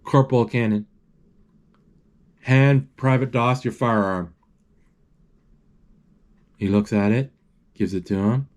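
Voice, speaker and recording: A man retelling a film as it plays, describing scenes and reading lines aloud in a halting way with many restarts. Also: mid-range voice. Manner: halting, restarts often, reads out dialogue flatly. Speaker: movie narrator. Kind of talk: casual live retelling of a film.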